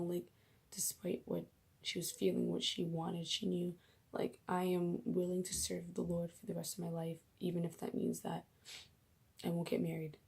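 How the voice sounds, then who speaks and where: Young woman vlogging about faith, husky and gravelly, gets emotional and whispery. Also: lowish voice, a little mellow. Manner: emotional, gushing, drops to whispers. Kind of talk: casual faith vlog.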